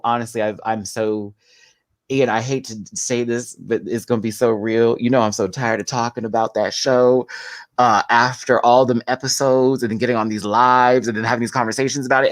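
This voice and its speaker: A man's voice: mid-range voice, fairly quick, no room sound. A man guesting on a podcast, chatting casually and animatedly, acting out quotes while telling stories. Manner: animated storyteller, acts out quotes. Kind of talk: casual chat.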